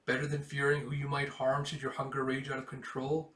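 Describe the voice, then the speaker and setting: A man's voice: mid-range voice, completely flat delivery, brisk, fairly bright tone, distant mic, natural voice. A man reading as a solemn old father. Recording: roomy echo.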